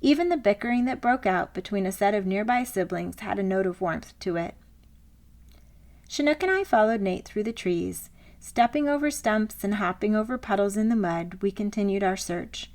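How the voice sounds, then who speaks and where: A woman author reading her own memoir aloud, in a measured, reflective style of scripted narration. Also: medium pitch, a little mellow.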